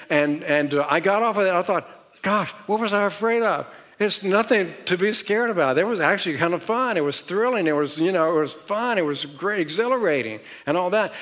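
A man's voice: a little high, fairly bright tone. A middle-aged man with a Southern US accent preaching a sermon as pastor, talking conversationally with frequent repeated words and rising emphasis. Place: large church auditorium. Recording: long hall reverb.

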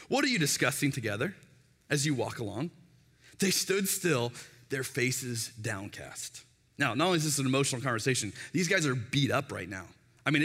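A man in his thirties preaching a sermon as pastor, telling stories and acting out the voices of the people in them. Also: on the high side. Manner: animated storytelling, acts out quoted voices. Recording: long hall reverb.

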